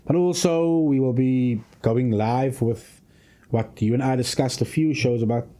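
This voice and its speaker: Measured official, dark voice. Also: male voice, medium pitch. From South Africa. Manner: measured, speaks in long policy statements. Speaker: provincial minister. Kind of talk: radio interview. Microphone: studio microphone.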